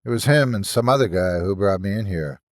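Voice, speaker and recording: A man's voice: lowish voice, animated, fairly quick, dry recording, clean studio sound, natural voice. A man voicing a young male doctor who talks hesitantly and apologetically, stumbling over his words. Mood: uneasy.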